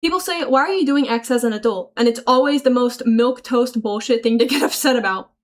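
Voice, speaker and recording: A woman's voice: a little high, fairly quick. A woman streamer chatting casually and reacting aloud as she reads her chat, swearing freely and laughing often. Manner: chatty, reacts aloud while reading messages. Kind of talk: casual livestream chat reading.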